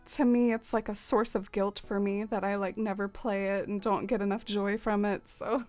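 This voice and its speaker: While playing a game on a relaxed livestream, a woman chats with her viewers, full of fillers and frequent laughter. Her mid-range voice moves little in pitch, at a normal speed, a little mellow, with soft music in the background.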